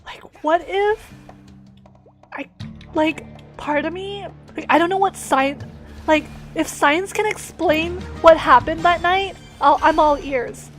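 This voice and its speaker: A woman streamer telling a personal story with emotional swings, many fillers and restarts, and sudden loud moments. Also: extremely high pitch, takes it slowly, soft background music.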